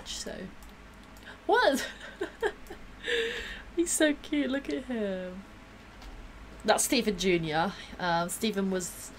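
A woman's voice: medium pitch, slight background noise. A woman gives bubbly, gushing live-stream commentary while she plays a game, gasping and laughing often.

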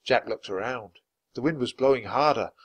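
A man reading a children's storybook aloud for English learners in a clear, steady, measured way. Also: mid-range voice. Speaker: storybook reader.

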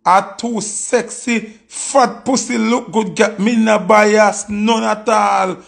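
A Jamaican man gives excitable music reaction commentary, cursing freely as he talks. His voice sits high with a gravelly edge. He speaks at an unhurried pace. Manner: excitable, exclamatory, swears freely.

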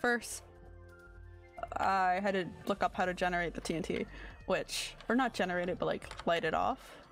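Woman streamer, casual game commentary, sleepy and rambling, creaky voice, faint music behind. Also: fairly low pitch, moderate pace, a bit bright. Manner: sleepy, rambling, searching for words.

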